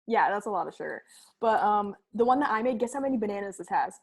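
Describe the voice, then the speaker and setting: A woman co-hosting a casual eating show, upbeat and quick to react. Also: mid-range voice, animated, gravelly, breathy edge. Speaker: co-host. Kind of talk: casual chat while eating.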